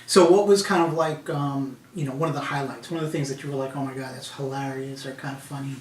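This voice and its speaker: A man casually interviewing a colleague in an office, asking relaxed, chatty questions. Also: a little high, quick pace, a little hiss or hum. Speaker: interviewer, company head. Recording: echoey room from a distance.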